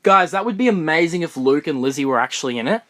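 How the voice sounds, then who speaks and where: A young man from Australia chatting excitedly through a live Q&A stream, recorded on his phone in a room of books. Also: a little high, quick pace. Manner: chatty, excitable, answers comments on the fly. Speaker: fan vlogger. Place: room full of books, indoors.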